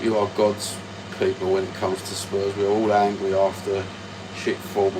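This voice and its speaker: A man's voice: on the low side, flat delivery, normal speed, noisy background. A man, hosting a casual livestream from home with crude, sweary banter into his phone. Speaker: livestream host.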